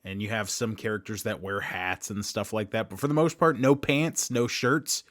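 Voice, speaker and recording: A man's voice: lowish voice, moderate pace, fairly bright tone, no echo, clean studio sound. A man in his thirties hosting a casual commentary monologue, chatty, laughing often and jumping into sudden emphasis. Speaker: show host.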